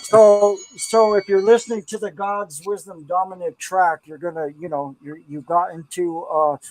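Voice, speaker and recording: A man's voice: high-pitched, little pitch movement, moderate pace, a little mellow, no echo, low-quality recording. Enthusiastic middle-aged man, dry and close. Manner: enthusiastic, rambling, preachy asides. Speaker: podcast host and producer. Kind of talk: casual podcast chat about song lyrics.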